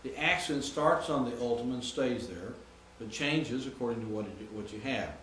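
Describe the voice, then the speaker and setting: A man's voice: medium pitch, lively intonation, normal speed, fairly bright tone, roomy sound, a little hiss or hum, low-quality recording. A man teaching Greek grammar in a classroom lecture, explaining and reciting word forms.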